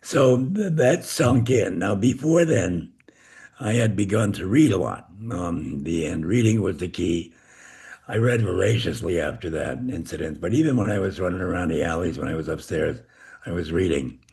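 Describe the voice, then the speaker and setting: Older male interview guest: deep, gravelly voice, halting delivery. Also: animated, darkish tone. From Cleveland, USA. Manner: halting, with many repeated words. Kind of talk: storytelling in an interview.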